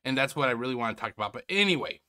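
A man's voice: medium pitch, lively intonation, very fast, sharp tone, clear, resonant tone. A man hosting a reaction video from home, chatting casually to his viewers, rambling and swearing offhandedly. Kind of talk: casual chat to camera.

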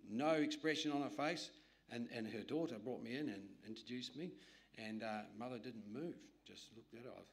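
A man, a literature evangelist, telling a lively anecdote in a sermon with asides to his listeners. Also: mid-range voice. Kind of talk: storytelling sermon.

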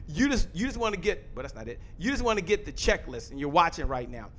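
A man talks straight to camera in an energetic sales pitch, loud and fast and hammering the same phrases again and again. His voice sits high for a man. A faint rumble hums behind him in his home studio. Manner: loud, fast-talking, emphatic, repeats phrases. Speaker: host. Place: home studio with a photo wall backdrop.

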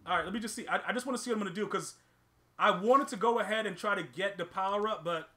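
A man giving ranting gameplay commentary as a gaming host, excitable and full of slangy trash talk. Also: sits high, fast.

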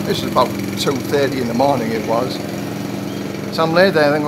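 A retired man in his sixties, with a mid-range voice, tells a rambling personal story to camera at a brisk clip, heavy background noise behind him. As a vlogger he keeps restarting and acts out the quotes in his monologue.

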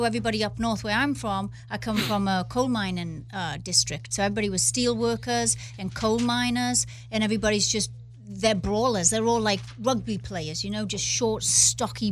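A woman from Newcastle with a Northern English accent softened toward London speech, a blunt, frank guest swearing freely in a casual chat. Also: a little high, a little hiss or hum. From Newcastle, England.

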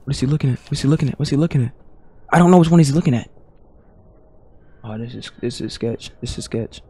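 A young man commentates a horror game, nervous and jumpy, talking to himself and his viewers in slang. His voice has a gravelly, fry-laden texture. A faint hiss sits under the recording. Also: medium pitch, dark tone. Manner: jittery, talks to himself and chat with slang. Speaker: gaming streamer.

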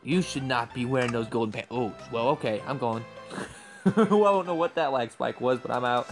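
A young man giving excitable commentary over a game he is playing, trash-talking opponents. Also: mid-range voice, normal speed, soft background music. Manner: excitable, yelps and trash-talks. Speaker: gaming YouTuber.

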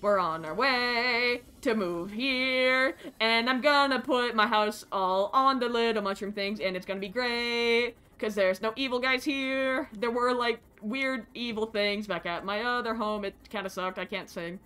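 A woman streaming a game live, chatting excitably, greeting creatures with squeals and swearing when frustrated. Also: fairly high pitch, measured pace, few pauses, clean tone. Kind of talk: live gameplay stream chat.

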